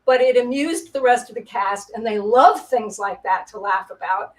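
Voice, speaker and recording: A woman's voice: on the high side, moderate pace, low-quality recording. A woman, a former Broadway performer, telling stage anecdotes over a video call and laughing often. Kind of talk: casual storytelling interview.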